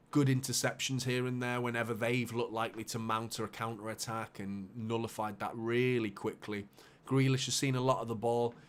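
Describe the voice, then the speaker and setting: Man, fan watchalong host, live play-by-play, excitable then muttering. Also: medium pitch, a little hiss or hum.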